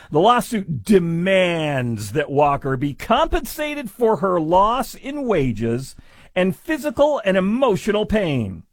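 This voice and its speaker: Brief: sarcastic male commentator, mocking tone, animated pitch, dry close sound. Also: moderate pace, creaky, husky, no echo. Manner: sarcastic, mocking, deadpan asides.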